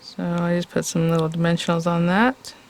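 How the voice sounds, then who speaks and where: A woman's voice: on the low side, flat delivery, fairly quick, a little hiss or hum. A woman hosting a casual step-by-step craft tutorial, chatty and enthusiastic and talking straight to her viewers.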